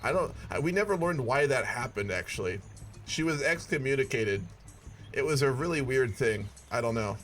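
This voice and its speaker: A man's voice: medium pitch, lively intonation, normal speed, fairly bright tone, soft background music. A man giving casual, profane gameplay commentary with wry asides. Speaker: gaming video creator.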